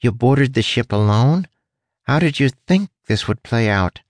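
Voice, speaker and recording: A man's voice: mid-range voice, animated, unhurried, dry recording, voice pushed up, natural voice. A man voicing a wry, chatty male rat in a storybook, his voice pinched and squeezed. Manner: teasing, chatty.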